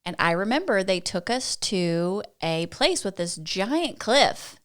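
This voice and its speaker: A woman's voice: medium pitch, sing-song, slow pace. A middle-aged woman co-hosting a casual podcast, telling stories in a playful way and laughing often. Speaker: podcast co-host. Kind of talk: casual chat.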